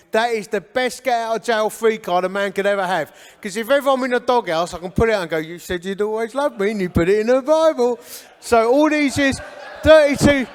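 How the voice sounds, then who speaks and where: Brief: English man, fifties, high voice, animated church testimony, long hall reverb. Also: a little hiss or hum. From England. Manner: animated storyteller who acts out what people said. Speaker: guest speaker giving his life story.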